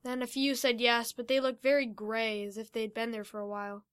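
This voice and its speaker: A woman's voice: a little high, level tone, fairly quick, fairly bright tone, smooth. A woman reading a fantasy adventure story aloud, giving the characters light voices.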